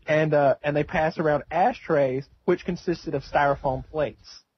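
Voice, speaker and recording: A man's voice: fairly high pitch, a little slow, slightly rough, highs cut off. A man telling a long anecdote in casual chat, rambling with restarts and a wry tone. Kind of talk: casual storytelling.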